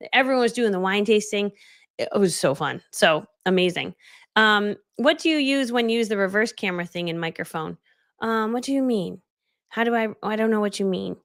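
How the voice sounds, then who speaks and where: Bubbly middle-aged woman coaching live on stream, bit of vocal fry, super dry close mic. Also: mid-range voice, fairly bright tone, dry recording. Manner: bubbly, chatty, laughs often, reads out viewer comments. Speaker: business coach hosting a livestream. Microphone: studio dynamic microphone.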